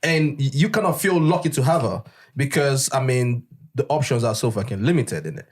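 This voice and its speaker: A man's voice: medium pitch, expressive, fairly quick. A young man, talking emphatically in casual chat and checking that his listener follows.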